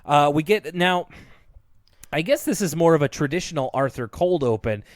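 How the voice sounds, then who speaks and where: A man's voice: fairly high pitch, expressive, normal speed, no room sound, clean studio sound. A man co-hosting a podcast, casually recapping a cartoon episode, rambling and laughing often. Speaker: podcast co-host.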